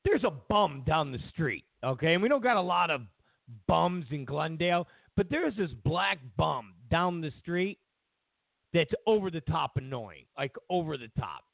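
A man's voice: on the high side, a little slow, vocal fry, dry recording. A man hosting a talk show, ranting in a profane, mocking way. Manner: profane, mocking, animated rants. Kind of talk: ranting commentary. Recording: dry tinny phone-like sound.

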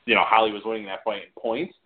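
A man co-hosting a casual sports talk show, excitable and rambling with fillers. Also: fairly low pitch, quick pace. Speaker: podcast co-host. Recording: phone-like internet radio audio.

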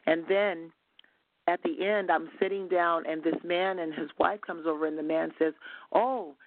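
A woman's voice: deep voice, fairly even intonation, normal speed, no room sound. Woman sharing an earnest testimony by phone. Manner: earnest, storytelling with restarts. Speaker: guest minister. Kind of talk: testimony on a call-in radio show. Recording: tinny phone line, dry.

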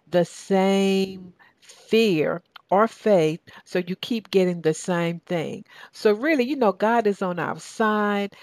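A woman's voice: fairly low pitch, no echo. A middle-aged woman with a Southern US accent, preaching a sermon with emphatic repetition and questions to her audience.

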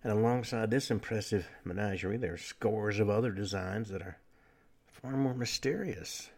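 A man hosting a talk radio show, delivering a lecturing monologue with frequent pauses and fillers. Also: on the low side, darkish tone.

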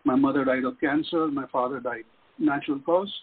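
A man's voice: mid-range voice, steady tone, a little fast, slightly rough. A man calling in by phone, telling his story in a distressed, tearful voice that rises sharply. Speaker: caller. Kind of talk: emotional phone call-in story. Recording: phone line.

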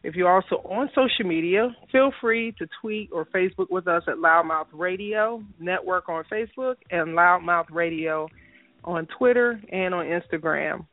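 A man reading a slow, measured opening announcement for a live internet radio show. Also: high-pitched, dry recording. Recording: phone-line quality, dry.

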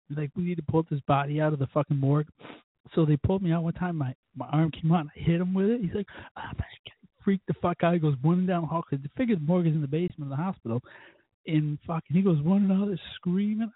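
A man hosting his own show, telling rambling, profane stories in a casual drunken way, with sudden loud bursts. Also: fairly high pitch, husky, dry recording, narrow, tinny audio. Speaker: podcast host.

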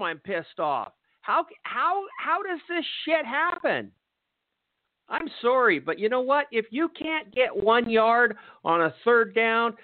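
An older man with a high voice rants with profane, exasperated frustration as a podcast host. His voice comes through dry and tinny, like a phone call. He swears freely and sounds fed up. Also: no echo. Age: 60s. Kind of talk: angry sports rant.

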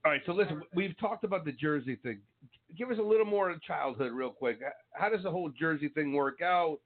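A man hosting, asking direct questions in a relaxed interview. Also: a little high, a little fast. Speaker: host. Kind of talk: casual interview. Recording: tinny phone-like sound.

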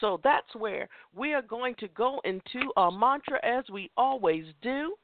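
A woman hosting a motivational talk show, speaking emphatically and repeating affirmations slowly. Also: on the high side, lively intonation, a little hiss or hum. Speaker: host. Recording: tinny phone line.

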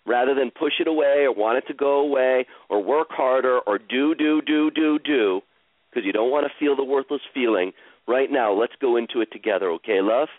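A man coaching a caller through her feelings in a live session, with slow, soothing, repetitive guidance. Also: medium pitch, no room sound, phone-quality sound.

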